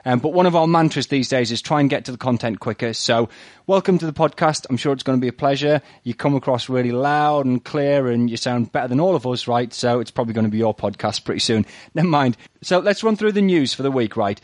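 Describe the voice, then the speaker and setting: A man hosts a casual tech news podcast, moving quickly through the headlines with wry jokes. He keeps checking in with "right?", and his voice sits at an everyday pitch, captured close and dry. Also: a little mellow, dry recording. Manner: brisk, jokey, keeps adding "right?". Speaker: podcast host.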